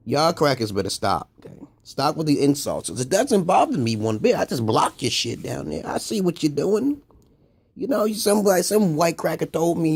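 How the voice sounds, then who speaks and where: A man with a gravelly, husky voice rants in a rambling, profane monologue. His pitch swings widely, from low grumbles up to sharp, high exclamations. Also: very animated, moderate pace. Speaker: video blogger. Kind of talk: casual ranting monologue.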